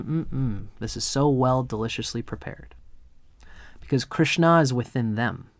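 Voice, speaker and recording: A man's voice: mid-range voice, no echo. A man giving a live astrology chart reading, earnest and meandering, drifting into storytelling.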